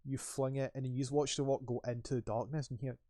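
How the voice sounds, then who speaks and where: A man's voice: mid-range voice, level tone, quick pace, dark tone, dry recording, clean studio sound. A man narrating as game master in a tabletop game, rambling and full of filler words.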